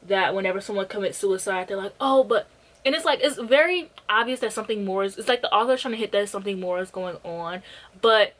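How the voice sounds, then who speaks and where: A woman's voice: medium pitch, a bit bright, poor audio. A young woman giving a casual rant review of a book, blunt and sarcastic and swearing freely.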